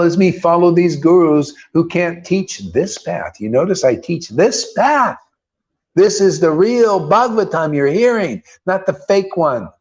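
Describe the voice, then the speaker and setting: A man preaching to a small group in a loose, emphatic way, often calling his listeners "man" and throwing in blunt, mocking swears. His voice sits a little high for a man. The recording sounds dull and lo-fi. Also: a little mellow. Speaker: spiritual teacher.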